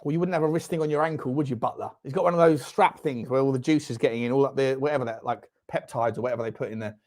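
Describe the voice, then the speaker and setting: A fairly high-voiced man hosts a football watchalong. He chats loosely with viewers, reads out their comments and swings into loud, excited shouts at the referee and near misses. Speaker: fan watchalong host.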